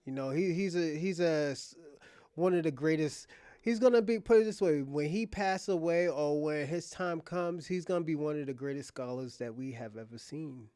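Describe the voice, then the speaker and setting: A man's voice: on the high side, moderate pace, warm tone, clear, resonant tone, no echo. A man hosting a commentary show, ranting bluntly and emphatically with frequent restarts.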